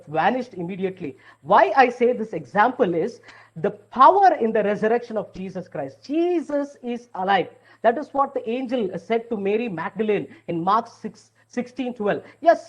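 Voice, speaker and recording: A woman's voice: mid-range voice, a little mellow, dull audio. A woman preaching a sermon in an earnest way, stressing her points with a repeated "yes".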